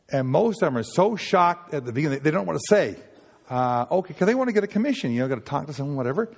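A man from Nova Scotia with a Nova Scotian accent, giving a folksy talk at a chapel, halting and full of restarts as he tells stories. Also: on the high side, big pitch swings, vocal fry, breathy edge, long reverb tail. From Nova Scotia, Canada. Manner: homespun, halting, with many restarts and acted-out dialogue. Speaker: sailors' gospel worker speaking at a chapel.

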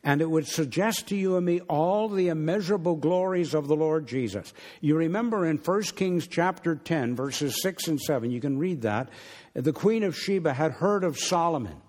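A man's voice: animated, normal speed. Preacher man in a reverberant hall. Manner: wide swings between low hushed phrases and raised emphatic ones. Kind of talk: sermon.

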